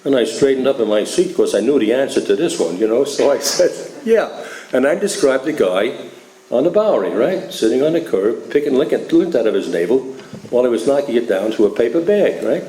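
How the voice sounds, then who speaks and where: A man's voice: mid-range voice, expressive, brisk, warm tone. An older man from New York telling his story to a meeting in a humorous, conversational way, often adding "you know" and "right?". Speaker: AA speaker. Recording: echoey hall, faint noise.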